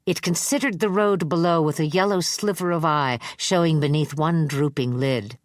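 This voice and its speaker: Female audiobook narrator, deep register, measured delivery, dry close recording. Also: no room sound. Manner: measured, even storytelling. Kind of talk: scripted narration.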